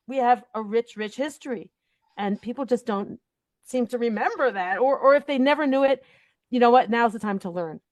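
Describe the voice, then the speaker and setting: A middle-aged woman with a slightly high voice talks bluntly and with strong feeling. She speaks as a guest in a heated discussion. The sound is dry and close. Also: dry recording. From Israel. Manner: emphatic, blunt, emotional. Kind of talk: impassioned discussion.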